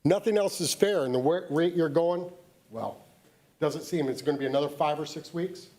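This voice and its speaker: A man's voice: a little high, moderate pace, warm tone. A man giving a public comment at a school board meeting, urging the trustees to do their jobs. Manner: pleading, exhorting. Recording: echoey room with background noise.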